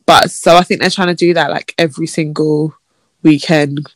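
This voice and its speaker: In a dry recording, a woman co-hosting a podcast keeps a steady tone and moderate pace during casual chat. Her storytelling includes mocking, high-voiced imitations of messages.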